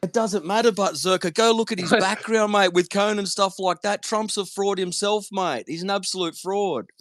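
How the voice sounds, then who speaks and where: A man's voice: high voice, normal speed, a bit bright, no room sound, clean studio sound. Insistent Australian man calling in. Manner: earnest, insistent, says "mate" constantly. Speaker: caller. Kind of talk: call-in debate on a live audio room.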